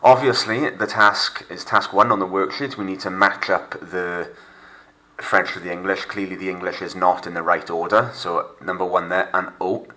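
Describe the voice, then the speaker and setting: Deep, bright-toned male teacher. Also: fairly even intonation, normal speed, poor audio. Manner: patient, explains step by step with fillers. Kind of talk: recorded remote lesson narration.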